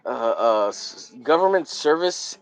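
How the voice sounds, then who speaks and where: A man's voice: mid-range voice, sing-song, a little slow, faint music behind, low-quality recording. Profane rambling male streamer. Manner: profane, rambling, laughs at his own jokes. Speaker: streamer hosting a drawing stream. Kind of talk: casual live-stream rambling.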